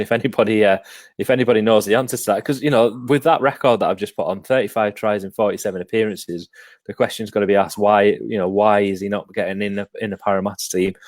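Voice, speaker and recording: A man's voice: on the low side, no echo. A man hosting a casual sports podcast, reading viewer comments aloud and hesitating often with ums. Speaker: podcast host.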